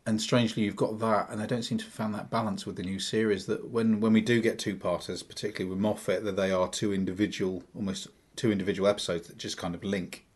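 Husky low-voiced man rambling on a podcast. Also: level tone, fast talker, few pauses. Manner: rambling, searches for words, trails off. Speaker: podcast co-host. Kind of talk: casual chat.

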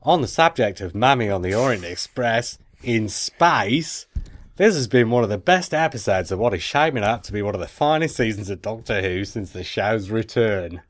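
A man's voice: lowish voice, lively intonation, normal speed, close to an everyday voice. Over-the-top aussie bloke done by a british guy, accent slipping all over. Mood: mock. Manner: exaggerated, wobbly put-on accent. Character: Australian male listener, broad and jokey.

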